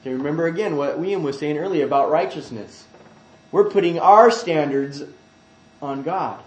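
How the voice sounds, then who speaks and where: A man preaches a sermon in a high voice. He drops to quiet asides, then rises loud and emphatic when he reads scripture. The sound rings through an echoey church hall. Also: expressive, moderate pace.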